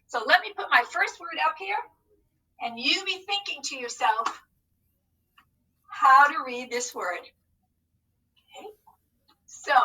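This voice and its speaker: A woman's voice: high-pitched, sharp tone, recorded from a distance, rough recording. A woman teacher leading a recorded phonics lesson, upbeat and coaxing as she talks to unseen students.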